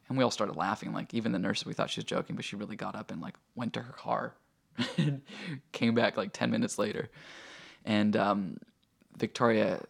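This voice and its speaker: A man as a guest telling a personal story in a casual, animated way, full of fillers and acted-out quotes. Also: fairly low pitch, moderate pace, vocal fry, husky. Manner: animated, acts out quoted voices, filler-heavy.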